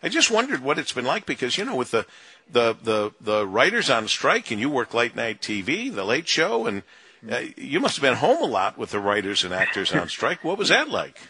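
Bright-voiced radio host, dry studio. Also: male voice, medium pitch, huge pitch swings, husky, dry recording. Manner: upbeat, chatty, with filler pauses. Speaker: radio talk show host. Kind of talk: radio interview.

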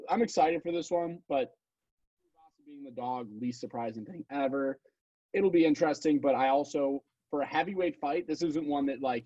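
A man's voice: medium pitch, mellow, breathy edge, dry recording, muffled recording. A man co-hosting a podcast, talking casually about betting picks with rambling asides and self-corrections. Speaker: podcast co-host. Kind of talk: casual sports betting chat.

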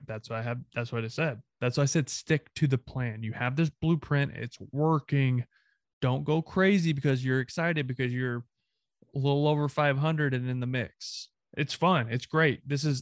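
A man's voice: mid-range voice, no room sound. A man from the American South ranting emphatically, with swearing, as a co-host of a casual sports talk show.

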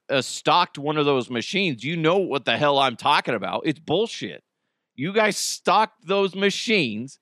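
A man hosting a podcast alone, chatting casually in an animated, profane, rambling way. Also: a little high, dry recording, clean studio sound. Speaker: podcast host. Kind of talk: casual solo podcast chat.

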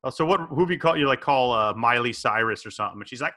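Animated, jokey man hosting a podcast. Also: mid-range voice, fast talker. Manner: jokey, animated, slips into impressions. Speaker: podcast host. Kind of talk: casual chat.

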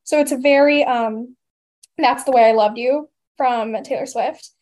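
A woman's voice: high voice, fairly even intonation, a little slow, darkish tone. A young woman in her twenties hosting a podcast, gushing and affectionate as she reads a listener's question over a video call. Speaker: podcast host. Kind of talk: casual chat.

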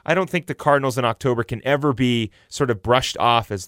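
Young male sports podcaster, loose and rambling, clear resonant tone, dry close-miked. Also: medium pitch, fairly quick, few pauses, a bit bright, no room sound. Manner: rambling, self-correcting, frequent fillers and restarts. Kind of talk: casual baseball commentary.

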